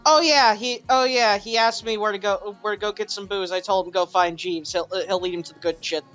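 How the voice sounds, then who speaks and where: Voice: medium pitch, steady tone, a little fast, fairly bright tone, faint music behind. A player in a tabletop roleplay who talks casually in character, often stumbling, restarting and swearing.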